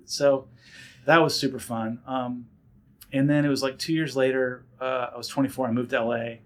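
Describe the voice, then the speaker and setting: Animated storytelling man. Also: mid-range voice, normal speed. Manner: animated storyteller, many fillers and restarts, acts out voices. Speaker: guest, director and actor. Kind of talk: casual storytelling interview.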